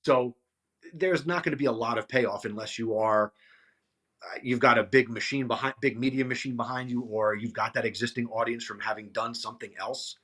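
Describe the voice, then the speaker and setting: A man's voice: medium pitch, steady tone, fairly quick, a bit bright. A man co-hosting a podcast in casual chat, easygoing and earnest. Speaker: podcast co-host.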